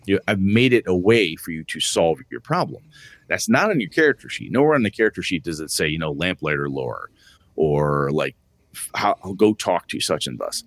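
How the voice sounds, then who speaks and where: A game master co-hosting a tabletop gaming podcast chats casually at a normal speed, acting out his players' quotes with an animated rise in pitch. The recording is dry.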